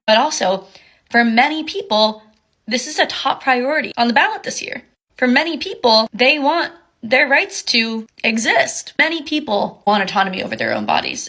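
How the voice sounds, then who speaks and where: A woman's voice: on the high side, vocal fry, fairly bright tone. A woman ranting in an exasperated, sarcastic tone in a casual social media video. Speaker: content creator.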